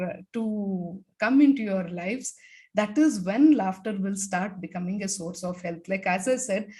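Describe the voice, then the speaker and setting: A woman leading a guided laughter exercise on a video call, talking with many fillers and demonstrating laughter sounds in loud bursts. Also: medium pitch. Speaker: laughter yoga expert.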